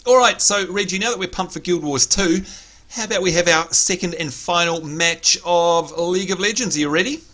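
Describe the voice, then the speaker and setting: A livestream host, an excitable man, runs a casual gaming stream at a brisk pace, calling out viewers by name as he talks. His voice is bright, forceful, slightly high, and a little hoarse.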